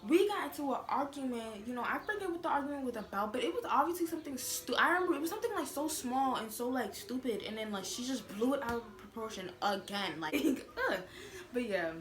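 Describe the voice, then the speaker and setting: Young woman spilling a story, high voice, sassy, roomy echo and noise in back. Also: fast talker, faint music behind. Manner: animated, sassy, lots of fillers. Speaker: vlogger. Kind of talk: casual storytime. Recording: echoey room with noise.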